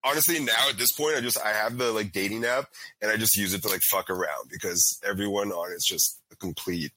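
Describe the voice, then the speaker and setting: A young man in casual chat, telling profane, animated stories full of fillers as a podcast co-host. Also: fairly low pitch, brisk, no echo, rough recording.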